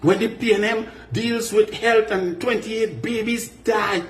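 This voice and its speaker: A man's voice: high voice, fairly even intonation, normal speed, hardly any pauses, echoey room. A Trinidadian man delivering a combative political rant straight to his listener, firing off repeated rhetorical questions. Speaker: political commentator. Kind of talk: direct-to-camera political rant.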